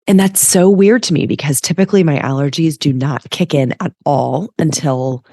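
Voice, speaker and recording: A woman's voice: low-pitched, moderate pace, warm tone, no room sound, clean studio sound. A woman hosting her own podcast as a coach, chatting casually and sounding a little stuffy from allergies, with lots of "like" and "right?". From United States. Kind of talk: casual solo podcast talk.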